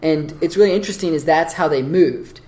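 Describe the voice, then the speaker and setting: A man's voice: a little high, a little fast, a little mellow. A man co-hosting a podcast, telling stories in a rambling, hesitant way. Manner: rambling, hesitant storytelling with fillers. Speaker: podcast co-host. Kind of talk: casual chat.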